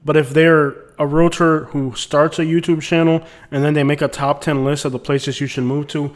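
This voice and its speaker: A man's voice: fairly high pitch, flat delivery, moderate pace. A man hosting a comic advice video, talking in a casual, wry, rambling way. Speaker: host.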